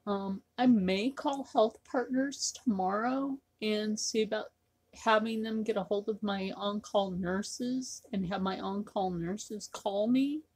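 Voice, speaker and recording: A woman vlogging to her camera, rambling and circling back to the same points, with fillers between her phrases. Her voice is husky and her delivery is slow and unhurried. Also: medium pitch, darkish tone. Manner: rambling, repetitive, with many fillers. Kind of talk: casual talk to camera.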